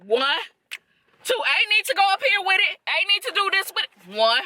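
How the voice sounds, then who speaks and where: Casting: young woman reaction host, high and sharp-toned, sassy and profane. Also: fast, no echo. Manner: sassy, profane, animated with laughter. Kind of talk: casual reaction chat.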